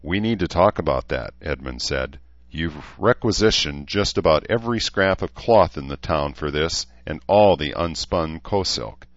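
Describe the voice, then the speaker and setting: A man with a deep voice playing a dry-humored, fatherly male camp leader in an audiobook, on a dry, slightly dull recording. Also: animated, moderate pace, no room sound. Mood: firm. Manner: dry, joking.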